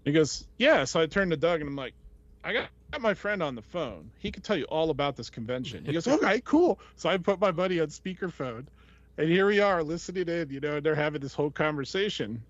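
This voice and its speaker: Podcast host, male, slightly high voice, chatty and rambling storyteller, dull dry lo-fi audio. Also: animated, quick pace, no room sound. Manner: rambling, with many fillers and quoted voices. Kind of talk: casual storytelling chat.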